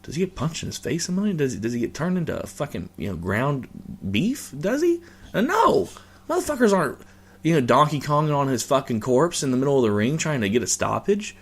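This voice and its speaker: A man's voice: a little high, very animated, fairly quick, breathy edge. A male host giving a casual reaction rant about a fight, rambling and swearing with lots of fillers and restarts.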